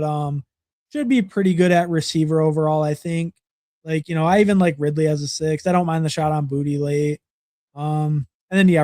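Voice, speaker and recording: A man's voice: a little high, a little mellow, no room sound, studio quality. A young man hosting a livestream, casually reviewing fantasy football draft picks and rambling with lots of fillers and repeated words.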